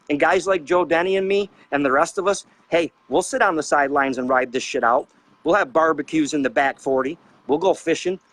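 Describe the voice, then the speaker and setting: A man's voice: fairly high pitch, fairly bright tone, no room sound, poor audio. A middle-aged man on a panel show, ranting with fiery, preachy anger and firing off rhetorical questions as a trucker advocate. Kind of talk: impassioned rant.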